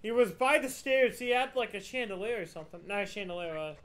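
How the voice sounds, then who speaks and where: A man chatting casually while playing a ghost-hunting game with friends, swearing and yelling taunts. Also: high-pitched, lively intonation, fast, slight background noise. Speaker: gamer.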